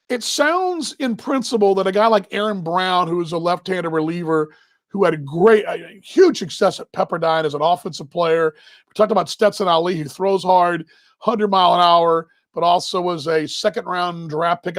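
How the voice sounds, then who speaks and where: Man, high voice, dry close mic, baseball broadcaster, casual rambling chat, emotional. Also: no room sound. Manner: rambling, emotional, talks while handling gear. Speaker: baseball broadcaster hosting a live show. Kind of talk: casual live stream chat.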